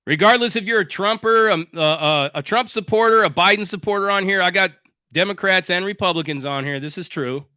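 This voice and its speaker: A high, bright-voiced man holds forth on a livestream, blunt and sarcastic, swearing freely. The sound is dry and close, with no room around him. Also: fairly quick, clear, resonant tone, no echo. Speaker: livestream host. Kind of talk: casual livestream rant.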